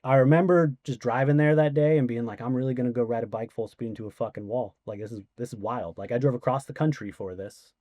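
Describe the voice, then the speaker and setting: Animated man telling a story, dry sound. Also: mid-range voice, fast, few pauses, no echo. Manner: animated retelling with quoted voices and swearing. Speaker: podcast guest. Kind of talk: casual storytelling.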